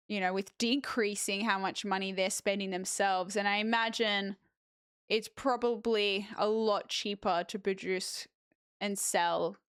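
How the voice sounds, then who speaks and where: A young Australian woman chatting casually with viewers as a streamer, lively with animated asides. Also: mid-range voice, smooth, no echo, clean studio sound. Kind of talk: casual chat reading viewer messages.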